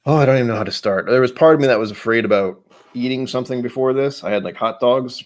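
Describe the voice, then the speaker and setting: An American man with a mid-range voice speaks fast while hosting an easygoing whisky-tasting livestream from a room at home. He's at a desk with glasses, rambling, talking to himself and being self-deprecating as he sets things up.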